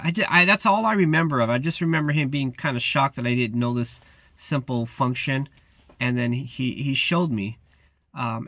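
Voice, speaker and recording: Man, security guard, casual slangy chat, mid-pitched voice, dry close sound. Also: a bit bright, no echo. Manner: laid-back, slangy, says "man" and "bro" often. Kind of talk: casual vlog talk.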